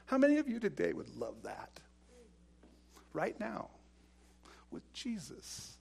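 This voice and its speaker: A man preaching, telling a childhood story in a lively, animated way that swings from hushed lines to loud ones. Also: a little high, a little slow, gravelly, pauses often, husky. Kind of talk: storytelling sermon.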